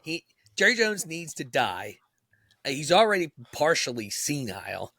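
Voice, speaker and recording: A man's voice: a little high, big pitch swings, moderate pace, sharp tone, no echo, studio quality. A man co-hosting a podcast, joking bluntly and crudely in casual chat. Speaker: podcast co-host.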